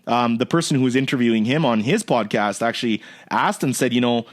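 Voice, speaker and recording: A man's voice: mid-range voice, fairly quick. A man hosting a casual interview podcast, telling stories animatedly and acting out quotes. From Canada. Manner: animated storyteller, acts out quotes in a raised voice. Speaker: podcast host.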